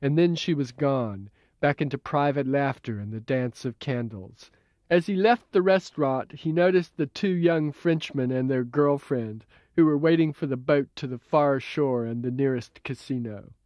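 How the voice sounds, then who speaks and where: A man reading his own novel as an audiobook in a measured, even way, heard as dull old tape. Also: medium pitch, dry recording. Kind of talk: audiobook narration.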